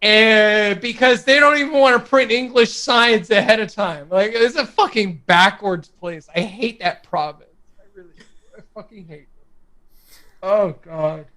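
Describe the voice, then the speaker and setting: A man from Canada, a guest on a casual livestream chat, talking in a profane, animated way. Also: high-pitched, measured pace.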